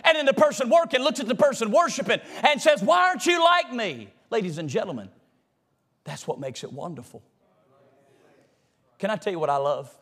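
High-voiced preacher man. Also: animated, brisk, long pauses. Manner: folksy, call-and-response preaching, swings from loud to hushed. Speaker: pastor. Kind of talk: sermon. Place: church sanctuary.

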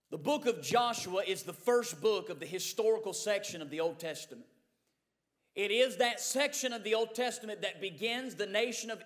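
Miked through a sound board in a church sanctuary, a pastor whose voice sits high and a bit bright preaches a sermon. Rhythmic repetition of phrases carries him up into fervent Pentecostal intensity.

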